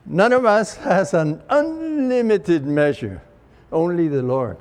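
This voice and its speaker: A man giving a sermon at a church meeting, speaking in a measured way. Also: high-pitched, sing-song, a little mellow. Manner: slow, measured delivery.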